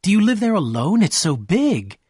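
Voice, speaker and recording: A man voicing an excited, emotional young wealthy woman in a storybook reading, gushing and breathless. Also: sits high, moderate pace, slightly rough, no room sound, clean studio sound, pitched above the performer's own voice, heavily acted.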